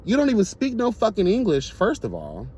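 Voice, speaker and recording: A man's voice: sits high, wildly swooping pitch, fairly quick, mellow, slightly rough. A man telling a casual storytime monologue to his viewers, blunt, profane and emphatic. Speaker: storyteller vlogger.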